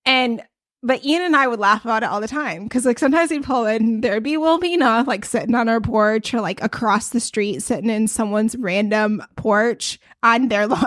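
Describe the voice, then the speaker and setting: A young pregnant woman talks through wellness tips in a loose, rambling way, full of fillers. Her voice sits a little high. The recording is close and dry, with no room sound. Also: no room sound. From United States. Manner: chatty, rambling, many fillers. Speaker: podcast host. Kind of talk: casual podcast chat giving tips.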